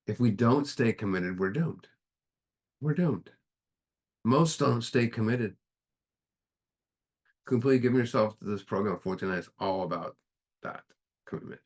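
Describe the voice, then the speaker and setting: Deep-voiced man leading a recovery study, earnest and plain-spoken, emphatic. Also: normal speed, long pauses. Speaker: speaker at a recovery book study. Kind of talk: recovery meeting talk.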